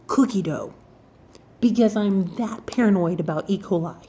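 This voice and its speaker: A woman telling a story casually, acting out other people's lines in an animated and self-mocking way. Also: mid-range voice, normal speed, a little hiss or hum.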